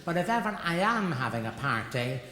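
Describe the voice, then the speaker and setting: A man's voice: a little high, brisk, voice pushed up. A man putting on an old gossip lady. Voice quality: deadpan storytelling with shrewd wit. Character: chatty elderly Irish woman gossiping with a friend. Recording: echoey hall with background noise.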